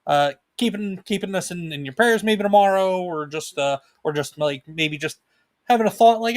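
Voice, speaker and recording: A man's voice: high-pitched, a little fast. Laid-back man on a home livestream. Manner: laid-back, rambling with fillers and laughs. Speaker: co-host. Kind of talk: casual livestream chat. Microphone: home desk mic, video call.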